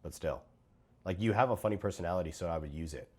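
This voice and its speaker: A man's voice: low-pitched, quick pace, darkish tone, husky. Blunt, profane man giving critiques. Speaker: host reviewing fitness coaches' videos. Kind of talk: reaction commentary.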